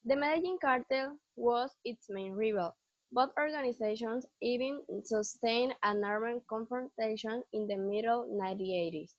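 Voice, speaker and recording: A teenage girl with a fairly high voice reads her school presentation plainly and steadily. The recording is very dry and a bit dull. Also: moderate pace, no echo. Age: teens. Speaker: student presenter. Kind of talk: reading a prepared school presentation.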